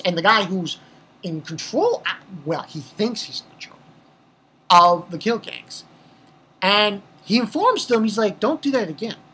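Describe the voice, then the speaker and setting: A woman's voice: on the low side, bright, forceful tone, husky. A woman giving a casual, rambling recap of an anime episode, swearing freely and restarting her sentences often. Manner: rambling and profane, with many restarts.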